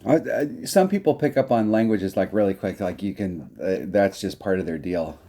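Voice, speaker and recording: A man's voice: sits low, animated, normal speed, mellow. An American man chatting casually while gaming, making self-deprecating jokes. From United States. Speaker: mobile game player.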